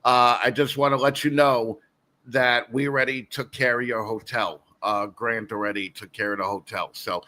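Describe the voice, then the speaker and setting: Casual podcast chat from a man guest hosting the show. He talks in a bright, forward voice and tells his story in loose, rambling loops, restarting his sentences and laughing as he goes. His pitch sits in the middle of the male range. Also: fairly even intonation, normal speed. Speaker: guest host.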